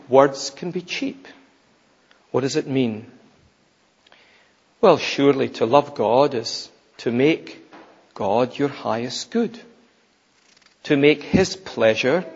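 A man preaching a sermon, slow and emphatic, with sudden loud rises and hushed drops. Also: medium pitch, slightly rough. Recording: dull, lo-fi recording in a reverberant hall.

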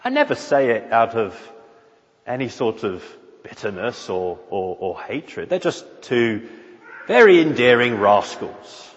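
A man's voice: mid-range voice, big pitch swings, a little slow. A man pastor preaching a sermon, earnest and emphatic, repeating phrases and restarting his sentences. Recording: dull lo-fi sound with long hall reverb.

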